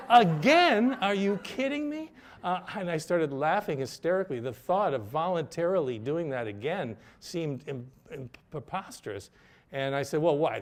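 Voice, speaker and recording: An older man telling a candid personal story, wry and laughing at himself at times. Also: medium pitch. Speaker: speaker telling his story.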